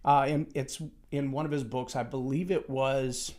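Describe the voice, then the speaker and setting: A man's voice: medium pitch, steady tone, moderate pace, darkish tone. A man giving a motivational talk on leadership, emphatic and storytelling, acting out the quotes he tells. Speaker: speaker on leadership.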